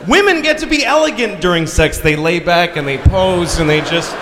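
A man doing crude stand-up comedy, shouting his punchlines with lively swings of voice. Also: high voice, moderate pace, noisy background.

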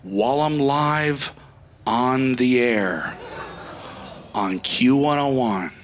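A man's voice: medium pitch, very slow. A male comedian doing a stand-up act, ranting in a sarcastic and profane way. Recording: echoey room with loud ambience.

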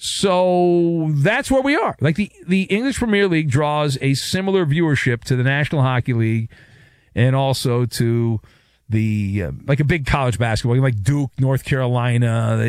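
A man's voice: mid-range voice, normal speed, darkish tone, no echo, clean studio sound. A man hosting a sports talk radio show, giving a sarcastic, wisecracking monologue.

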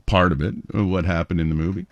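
A man's voice: deep voice, steady tone, quick pace, no echo, dull audio. A man hosting a radio morning show, chatting with callers in a jokey, casual way from a studio.

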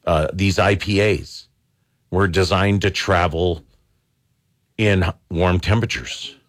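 A man's voice: low voice, steady tone, takes it slowly. A man hosting a call-in radio show, reading jokes and beer trivia with laughing asides. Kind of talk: casual radio call-in chat.

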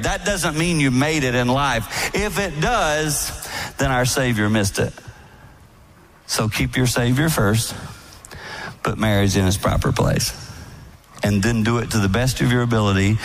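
A man preaches to a room about marriage in an earnest, folksy way. His voice is a middle pitch, and he drops to soft, hushed asides. Faint music sits under the talk. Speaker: speaker at a marriage event. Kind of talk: sermon-style talk.

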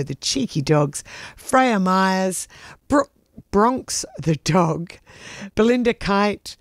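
A radio DJ talks chattily into a close studio mic, rattling off record details and shout-outs with easy enthusiasm. The sound is dry and tight. The pitch sits in a middle register. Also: no echo. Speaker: community radio DJ. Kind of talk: radio show back-announcing and shout-outs.

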